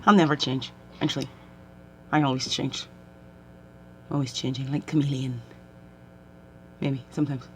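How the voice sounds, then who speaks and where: A woman's voice: very deep voice, moderate pace, long pauses, slight background noise. A middle-aged woman, a self-styled medicine woman, chatting to camera in a rambling, giggly way and laughing often. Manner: giggly, animated storytelling with frequent laughter. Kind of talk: rambling casual chat to camera.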